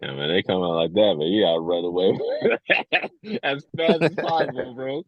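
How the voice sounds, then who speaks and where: A man's voice: deep voice, expressive, moderate pace, no echo. A man in his thirties, a podcast co-host, chatting casually, laughing often and drawing out his reactions. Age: 30s. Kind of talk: casual chat. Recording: dull lo-fi mic.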